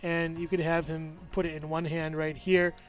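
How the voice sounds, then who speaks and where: A man's voice: on the high side, flat delivery, normal speed, clear, resonant tone, faint music behind. A man giving a casual, upbeat toy review, chatting as he handles the figure and points out its parts.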